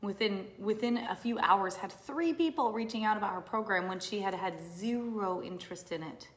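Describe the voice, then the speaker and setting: A woman coaching in a casual live stream, talking to viewers with hyped energy, dropping into whispers and then bursting into loud exclamations. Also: medium pitch, moderate pace. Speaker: business coach. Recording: roomy echo.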